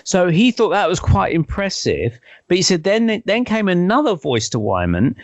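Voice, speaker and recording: A man's voice: high voice, big pitch swings, moderate pace, no room sound, dull audio. A man telling a story casually, rambling along with many fillers and self-corrections.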